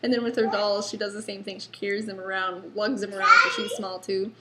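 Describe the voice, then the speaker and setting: A woman's voice: mid-range voice, expressive, a little fast, pushed and bright, a little hiss or hum. A young woman, a mother, chatting casually about her toddler in a rambling home vlog with many fillers. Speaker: vlogger, mother.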